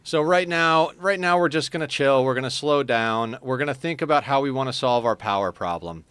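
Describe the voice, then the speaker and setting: A man in the middle of a game stream, talking loosely and unhurried while he plays. His voice is a bit worn and sore from hours of chatting, and he sits right at an ordinary mid-pitched register. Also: a bit bright, smooth, no echo. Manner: coos to his cat in a high sing-song baby voice. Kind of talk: casual gaming stream chat.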